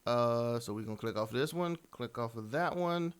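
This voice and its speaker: A man's voice: mid-range voice, expressive, normal speed, clear, resonant tone. A man hosting reaction commentary, ranting with profanity and exasperation. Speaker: commentary host.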